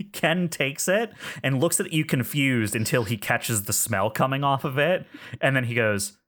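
A man narrates a tabletop game session as its game master, talking casually with plenty of fillers. His voice is an ordinary middle pitch, heard over a call. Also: expressive, measured pace, a bit bright. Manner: chatty, laughing, filler-heavy.

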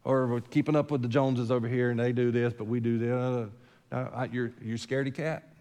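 A man's voice: mid-range voice, flat delivery, fairly quick, mellow, in a large hall. A man preaching a sermon as senior pastor, in a conversational, folksy way full of rhetorical questions, recorded in a church sanctuary.

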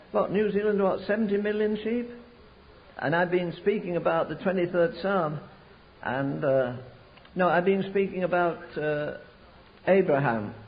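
Older preacher, high voice, muffled recording. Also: male voice. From England. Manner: storytelling with slow emphatic stretches, rising to fervent pleas. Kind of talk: sermon.

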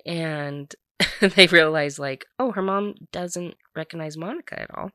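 Brief: chatty woman narrator, low-ish voice, dry close mic, lots of "like". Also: a little slow, bright, forceful tone, no room sound. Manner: chatty, constant "like", laughs while talking. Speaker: storyteller. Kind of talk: casual story retelling.

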